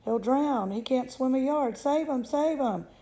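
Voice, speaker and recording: A woman voicing a frantic, shrieking middle-aged mother with a shrill, hysterical manner. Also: takes it slowly, vocal fry, warm tone.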